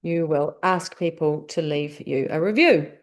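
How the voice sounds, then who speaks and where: Unhurried and low-voiced, a woman with a New Zealand accent teaches a business tips lesson. Her delivery is conversational as she talks through questions, many of them rhetorical.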